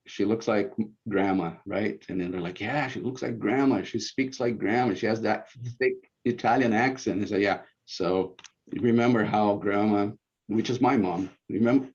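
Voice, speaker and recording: A man with a fairly low voice tells church ward stories in a loose, conversational way. He acts out the people he quotes, and his voice jumps up and gets loud when he does. The recording sounds muffled and lo-fi. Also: normal speed. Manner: animated storyteller, acts out quotes loudly. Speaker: former bishop sharing ward memories. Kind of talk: informal reminiscing talk.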